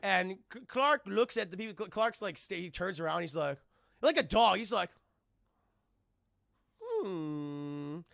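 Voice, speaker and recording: A man casually retelling a film scene by scene for his live chat, animated and profane, often acting out the characters. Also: sits high, a little fast, gravelly, no echo, clean studio sound. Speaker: film reviewer and streamer.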